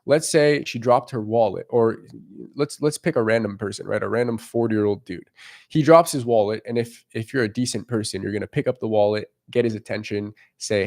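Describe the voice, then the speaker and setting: A young man talking as a dating coach in a casual monologue, animated and swearing freely as he acts out little scenes. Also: fairly low pitch, a little fast.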